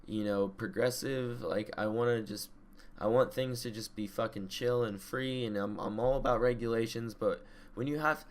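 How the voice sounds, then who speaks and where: A young man co-hosting a podcast who gets fired up and swears freely while he rants. He talks at an ordinary pitch and in a casual, loose way that builds into heated outbursts. His voice is close on the mic. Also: fairly even intonation, normal speed. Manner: profane, ranting, gets worked up. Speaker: podcast co-host. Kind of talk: casual chat.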